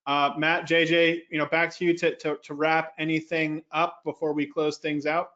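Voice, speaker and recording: Flat-toned male moderator on a call. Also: fairly high pitch. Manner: brisk, relays audience questions. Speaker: webinar moderator. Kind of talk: moderating questions. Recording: dull lo-fi call audio.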